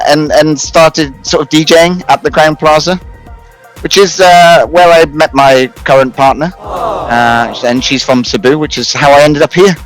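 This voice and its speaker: A man's voice: medium pitch, low-quality recording. Chatty British man with light laughs. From United Kingdom. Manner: rambling, many restarts and fillers, laughs at himself. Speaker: guest on a talk show. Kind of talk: casual conversational storytelling.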